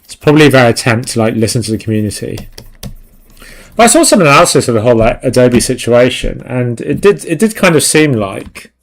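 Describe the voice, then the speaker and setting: A man's voice: mid-range voice, big pitch swings, fairly quick. A man chatting casually and swearing while he paints on a live stream, rambling and self-mocking. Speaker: digital art streamer.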